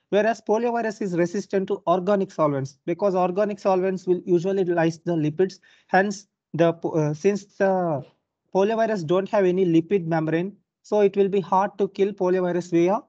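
Young Indian English male lecturer, patient step-by-step teacher, warm tone, dull lo-fi recording. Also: a little high, dry recording. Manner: explanatory, frequent "uh" and "so", checks on students. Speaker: university lecturer. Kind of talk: online lecture.

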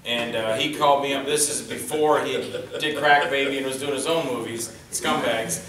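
A man with a bright, forceful voice tells loose, rambling stories about making low-budget films and slips into quick put-on voices for the people in them. He sounds set back from the mic in a roomy hall, with a faint hiss underneath. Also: fairly even intonation, distant mic. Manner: rambling anecdotes, acts out quoted lines in put-on voices. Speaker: indie filmmaker on a convention panel. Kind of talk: casual storytelling on a panel. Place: convention panel room.

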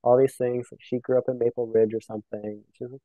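A man's voice: medium pitch, flat delivery, quick pace, dry recording, phone-quality sound. A young Canadian man speaking reflectively as a podcast guest, often acting out the voices of people he quotes. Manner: reflective, filler-heavy, acts out quoted exchanges. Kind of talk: casual conversation.

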